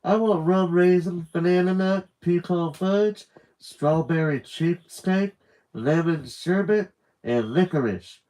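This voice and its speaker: A man voicing a fussy middle-aged woman ordering ice cream in a mixed Southern drawl and posh British accent, with drawn-out, demanding speech. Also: high-pitched, pitched above the performer's own voice.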